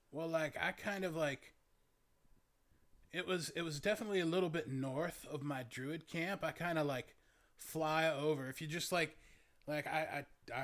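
A man's voice: a little high, fairly bright tone. A man voicing a laid-back young male druid hermit who rambles and hesitates, full of "like" and "man". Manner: rambling, halting, lots of "like" and "man". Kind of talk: in-character tabletop role-play.

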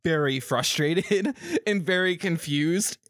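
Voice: medium pitch, takes it slowly, a bit bright, no room sound, studio quality. A game master casually narrating a tabletop game, rambling and laughing often.

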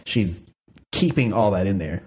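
Husky laughing man joking with friends. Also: sits low, animated, unhurried, a little mellow. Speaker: podcast co-host. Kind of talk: casual comedy chat.

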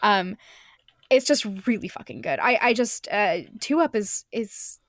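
A woman's voice: mid-range voice, big pitch swings, unhurried, a bit bright, no room sound, studio quality. A woman hosting a casual podcast chat, enthusiastic, often restarting her sentences. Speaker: podcast host.

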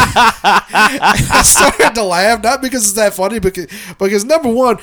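A man with a fairly high voice co-hosts a podcast and spins a long, rambling story in casual chat. He swears freely and chuckles through his telling, and his allergies are acting up. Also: a little slow, sharp tone. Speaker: podcast co-host.

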